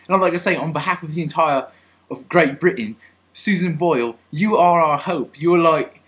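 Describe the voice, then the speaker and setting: A man's voice: fairly high pitch, moderate pace, a bit bright, close to an everyday voice. A man voicing a pompous, self-styled British lord who gushes theatrically, recorded on a webcam for a vlog. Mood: gushing.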